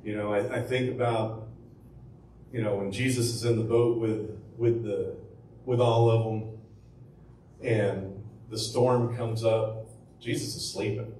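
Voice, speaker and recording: A man's voice: fairly low pitch, fairly even intonation, unhurried, pauses often, warm tone, a little hiss or hum. Man preaching a chatty sermon. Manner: conversational storytelling with many fillers and rhetorical questions. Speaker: pastor. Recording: echoey room from far off with faint ambience.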